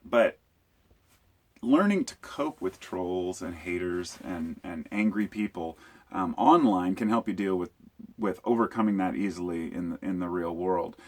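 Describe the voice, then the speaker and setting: A man vlogging to his channel, retelling a run-in with a rude customer in a rambling, animated way and acting out the quoted lines. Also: fairly low pitch, slightly rough. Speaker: YouTuber. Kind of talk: casual storytelling vlog.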